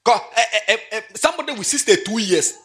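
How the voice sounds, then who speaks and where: A man preaching in church, playful and animated, laughing often and swinging from loud exclamations to quiet asides. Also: high-pitched, quick pace. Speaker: pastor. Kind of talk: lively sermon.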